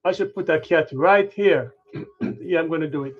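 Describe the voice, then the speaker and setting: A man hosting a trading livestream, muttering to himself as he sets up his screen, tired and yawning, with sudden loud playful bursts. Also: a little high, moderate pace. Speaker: livestream stock trading host. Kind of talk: rambling livestream chatter. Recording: dull lo-fi sound with faint music.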